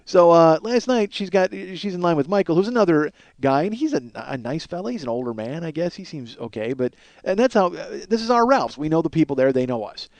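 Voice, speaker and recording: A man's voice: on the high side, very animated, brisk, hardly any pauses, darkish tone, no echo. A man hosting a podcast, telling a rambling, profane comic story with mounting exasperation. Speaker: podcast host.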